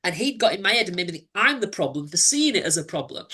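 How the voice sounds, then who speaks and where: Male guest, 40s, bright timbre, candid reflective storyteller with frequent restarts. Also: high-pitched, big pitch swings, fast talker, breathy edge. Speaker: podcast guest. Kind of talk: personal storytelling in an interview.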